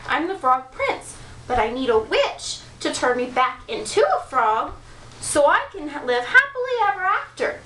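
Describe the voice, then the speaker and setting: A woman's voice: high-pitched, sing-song, normal speed, sharp tone, full character voice. A woman voicing a nervous, overly polite young male frog prince who stammers and fusses. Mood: flustered. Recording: echoey room from far off.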